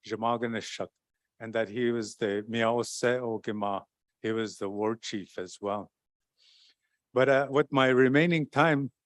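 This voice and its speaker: Male storyteller, unhurried oral storytelling with halting repeats, dry close recording. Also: mid-range voice, dry recording. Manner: halting, repeats words, relaxed telling. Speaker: storyteller and speaker at a forum.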